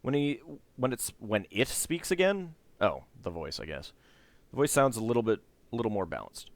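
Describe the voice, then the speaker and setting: A man's voice: medium pitch, sing-song, normal speed, no room sound. A man hosting a let's play, giving casual game commentary in offhand, wry asides.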